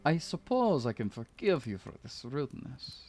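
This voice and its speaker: A man's voice: medium pitch, sing-song, a little mellow, faint music behind. Man doing a suave Eastern European narrator. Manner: slow, theatrical reading-aloud. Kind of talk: reading game text aloud in a put-on accent.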